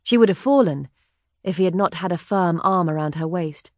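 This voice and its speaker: A woman narrating a historical novel in a measured, even way. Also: on the low side, no echo, clean studio sound. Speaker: audiobook narrator. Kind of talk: scripted narration.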